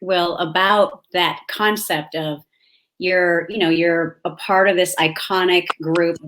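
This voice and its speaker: A woman with a mid-range voice hosting a relaxed interview. She frames her questions with care and a friendly, easy tone. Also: on the low side, slow pace. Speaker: host. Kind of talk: interview host chat.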